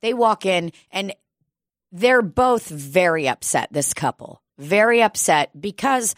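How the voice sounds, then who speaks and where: A woman's voice: medium pitch, takes it slowly, no echo, clean studio sound. A woman telling a story in casual chat, swearing freely and acting it out with energy. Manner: profane, animated storyteller.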